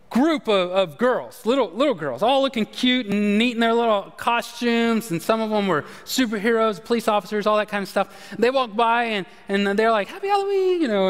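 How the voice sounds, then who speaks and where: A man preaching a sermon as pastor, telling a story in a conversational way and dropping low and quiet for emphasis. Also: clear, resonant tone, big-room sound. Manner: conversational storytelling, animated shifts, drops low and quiet at key points. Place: church sanctuary.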